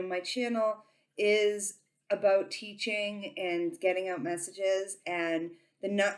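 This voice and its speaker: A woman who reads tarot, talking casually to her viewers and saying she talks very loudly, with lots of ums and restarts. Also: medium pitch. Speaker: tarot reader and psychic. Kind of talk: casual informational talk to camera.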